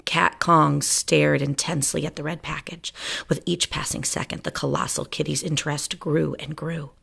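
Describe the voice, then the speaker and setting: Low gravelly woman reading a storybook. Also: normal speed. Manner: playful, lively read-aloud. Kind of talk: reading a children's picture book aloud.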